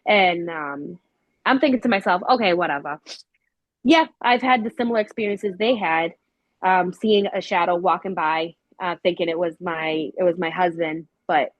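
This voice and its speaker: Woman, casual storyteller with lots of ums, lively quoted voices, dry recording. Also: lowish voice, no room sound, lo-fi sound. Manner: animated, acts out quoted voices with many fillers. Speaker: paranormal investigator.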